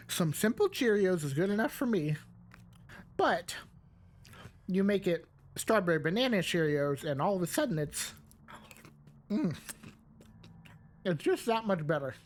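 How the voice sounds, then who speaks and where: A young woman chats casually on a live game stream. Her voice swings widely in pitch as she rambles, laughing often and pausing to eat. She talks close to a desk microphone. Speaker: VTuber streamer. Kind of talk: casual live-stream chat while gaming.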